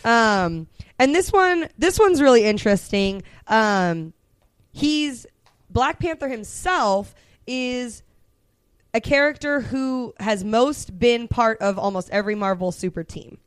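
A woman's voice: fairly high pitch, expressive, slow pace, clean tone, no echo. A woman co-hosting a casual film podcast, chatty and laughing as she explains comic lore. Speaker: podcast co-host.

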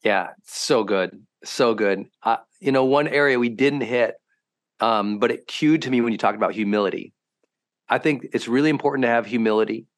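A man hosting a podcast, a high-performance coach telling stories in a lively, conversational way and acting out quotes with sudden bursts. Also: normal speed. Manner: animated, swings into loud acted quotes. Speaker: host.

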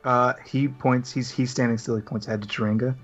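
A man playing a tabletop game, speaking casually and haltingly. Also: mid-range voice, fairly even intonation, faint music behind. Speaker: player. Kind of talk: casual chat. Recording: dull lo-fi recording.

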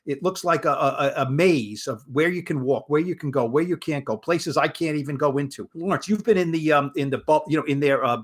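A sportswriter co-hosting a podcast talks in animated, rushing bursts and keeps restarting his sentences. His voice sits a bit high for a man. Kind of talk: casual sports podcast chat.

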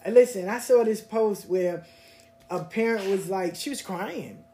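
A woman hosting a podcast, telling personal stories in a casual, blunt, animated way and swearing freely. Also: medium pitch, measured pace. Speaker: podcast host. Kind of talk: casual storytelling monologue.

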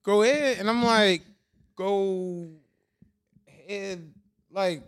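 A man spinning a story on a casual podcast, breaking into laughter again and again. He acts out the other people in the tale as he goes, and the talk stays loose and lively. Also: sits high, slow pace, clean tone. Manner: laughing, animated storytelling with voiced quotes. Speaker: podcast co-host.

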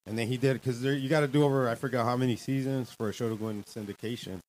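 A man's voice: mid-range voice, steady tone, racing, darkish tone, a little hiss or hum, poor audio. A man hosting a casual chat, laid-back and slangy, calling people dude and bro.

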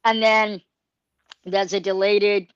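Young woman, actor in interview, earnest, rambling with fillers; smooth, lowish voice, slightly muffled recording. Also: level tone, takes it slowly, no echo. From Australia. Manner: earnest, heavy on fillers like um, like and you know. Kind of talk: casual anecdote telling. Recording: slightly dull lo-fi sound.

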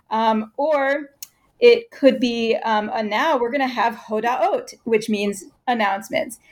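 Woman explaining in measured detail. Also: a little high. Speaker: scholar guest. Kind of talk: interview answer.

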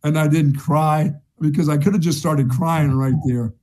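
On a sports talk show, a middle-aged co-host tells a long, rambling story in a chatty manner, going over the same points again and cracking himself up. He speaks at a moderate pace in a slightly high, somewhat mellow voice with fairly even intonation. The talk is casual sports banter and storytelling.

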